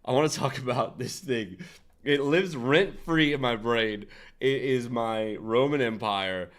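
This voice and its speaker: A young man hosting a casual design livestream, rambling and laughing as he chats with viewers. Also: mid-range voice. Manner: rambling, restarts, frequent laughs and asides to chat. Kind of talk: casual livestream chat and tutorial.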